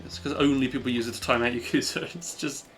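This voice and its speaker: A man's voice: mid-range voice, fairly even intonation, quick pace, a bit bright. Guy rambling while he games on stream, mid voice, game music under him. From Britain. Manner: rambling, self-deprecating, chatty. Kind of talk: casual live-stream chatter while gaming.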